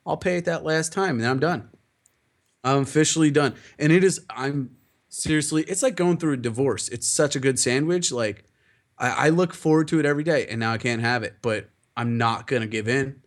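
A man's voice: medium pitch, fairly quick. Rambling young man telling a story. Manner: rambling storyteller who acts out dialogue, swears often. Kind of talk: casual chat.

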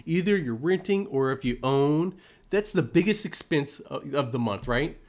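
Lively, chuckling man in casual chat. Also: on the high side, normal speed. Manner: easygoing, chuckling.

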